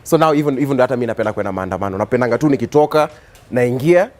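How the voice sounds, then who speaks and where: A man's voice: medium pitch, rapid-fire, crowd noise. Young Kenyan man, rambling storyteller. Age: young adult. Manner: rambling, relaxed storytelling with many fillers. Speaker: guest, activist and musician. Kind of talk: casual interview storytelling.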